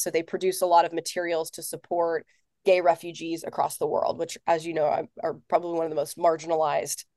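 A woman in her thirties from Tennessee, a political organizer telling her story as a guest in an office, earnest and animated with lots of fillers. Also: fairly low pitch, no room sound, studio quality. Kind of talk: casual interview.

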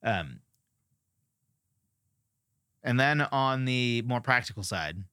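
A man teaching songwriting in a casual, opinionated and animated way, prone to rants. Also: medium pitch, takes it slowly, smooth, no room sound, clean studio sound.

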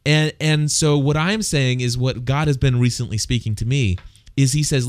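A man's voice: medium pitch, moderate pace, no echo, studio quality. Earnest man discussing faith. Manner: earnest, repeats words. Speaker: co-host.

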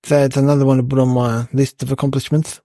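A man's voice: medium pitch, level tone, fast talker, mellow, no room sound, natural voice. A man playing a cheeky, boastful young boy who rambles on in a bossy, comic monologue. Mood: boastful rambling. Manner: rambling, bossy, full of likes and restarts.

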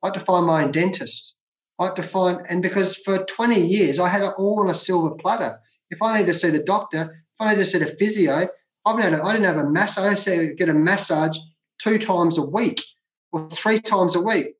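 Australian man, middle-aged, high-pitched, emphatic, repeats phrases, echoey room. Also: fairly quick. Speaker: guest, former cricketer. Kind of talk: conversational storytelling. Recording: roomy echo.

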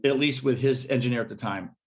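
Middle-aged guy musician chatting, animated, laughs a lot while telling stories. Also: medium pitch, fairly quick. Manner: animated storyteller, laughs and acts out quotes. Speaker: musician guest. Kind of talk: casual interview storytelling.

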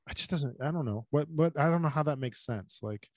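A man hosting a podcast, a physical therapist who talks in an animated, chatty way with rising emphasis. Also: on the high side, fairly quick, no echo, clean studio sound. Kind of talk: casual podcast interview.

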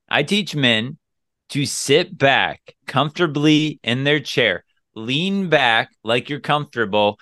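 A man co-hosting a podcast, giving casual dating advice and acting out his own lines in animated little scenes. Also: medium pitch, no echo, clean studio sound. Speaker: dating coach podcast co-host.

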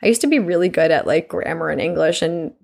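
A woman's voice: fairly low pitch, fast, creaky, darkish tone. A woman in her twenties hosting a podcast, talking in a casual, profane, effusive way about self-love, a little out of breath. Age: 20s. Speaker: podcast host. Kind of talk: casual self-help monologue.

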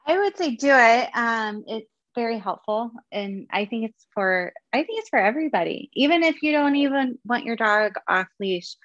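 A woman's voice: fairly high pitch, animated, moderate pace, hardly any pauses, fairly bright tone, dry recording, highs cut off. A woman guest talking casually about her dogs, chatty with plenty of fillers. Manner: chatty, laughs often, many fillers. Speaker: guest, dog owner. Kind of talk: casual interview chat.

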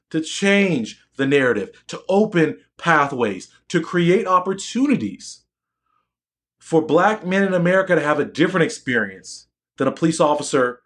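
A man in a slightly high register delivers an emphatic, preachy live-streamed talk. He drives his points home by repeating phrases and questioning his audience directly. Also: a bit bright. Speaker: educator and physician.

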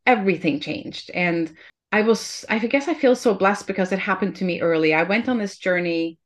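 Woman hosting a podcast, kinda low voice, earnest and reflective, trips over her words now and then. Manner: earnest and reflective, with frequent restarts and soft laughs. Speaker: podcast host. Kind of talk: heartfelt conversational interview.

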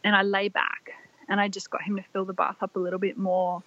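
A woman's voice: medium pitch, little pitch movement, brisk, a bit bright, dry recording, dull audio. Woman emotionally recounting a birth story. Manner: emotional, breathless retelling with many fillers and restarts. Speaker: guest telling her birth story. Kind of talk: casual personal storytelling.

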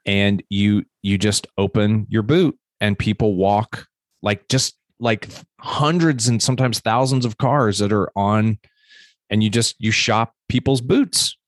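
Middle-aged man co-host, very low pitch, dry sound, animated storytelling. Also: unhurried, no echo. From United States. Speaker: podcast co-host. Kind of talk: casual chat.

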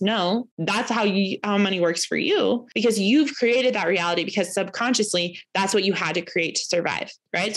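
A woman in her thirties giving a casual spoken lesson as a course teacher, chatty, full of fillers and tag questions, acting out quoted voices. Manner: acts out quoted voices with rising pitch.

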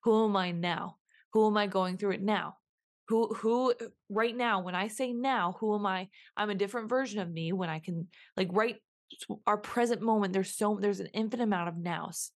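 A woman talks through a reflective solo podcast monologue at a middle pitch, musing and circling back over the same questions. Her delivery is unhurried and self-questioning. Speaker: podcast host.

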